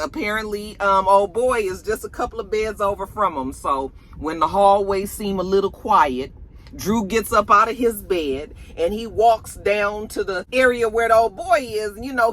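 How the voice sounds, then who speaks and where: A woman casually recapping a TV episode in an animated, colloquial way, laughing often. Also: mid-range voice, moderate pace. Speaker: TV episode reviewer.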